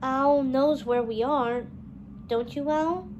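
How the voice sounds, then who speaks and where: A woman reading a storybook, voicing a kind, brave young princess who speaks softly and reassuringly. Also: high voice, steady tone, takes it slowly, muffled recording, a little hiss or hum. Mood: gentle. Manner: soft and reassuring.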